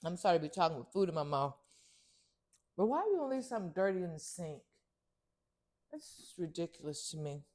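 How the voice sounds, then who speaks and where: Chatty grandmother with a low voice. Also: expressive, quick pace, warm tone. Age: older. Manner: chatty, talks to herself while doing chores. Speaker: vlogger. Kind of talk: casual morning vlog narration. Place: home kitchen.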